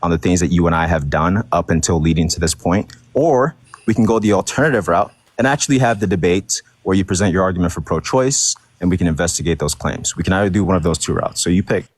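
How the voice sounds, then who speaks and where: Deep-voiced male debater, argumentative and insistent, dry close recording. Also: fast, no room sound. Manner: repetitive, combative, talks over others. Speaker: debate guest. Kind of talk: heated online debate.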